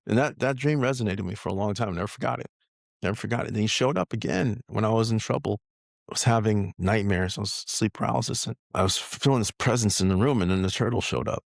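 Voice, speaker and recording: A man co-hosting a casual spiritual podcast, telling a story in a relaxed, easygoing way. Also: on the low side, fast talker, creaky, no room sound, clean studio sound. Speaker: podcast co-host.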